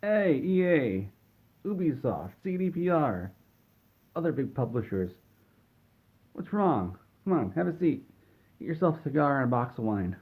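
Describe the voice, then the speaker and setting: A man's voice: mid-range voice, fairly even intonation, normal speed, long pauses, mellow, close to an everyday voice. A man doing a smug, cigar-puffing game boss. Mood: smug welcome. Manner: laid-back, teasing, bargaining. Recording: tinny phone-like sound.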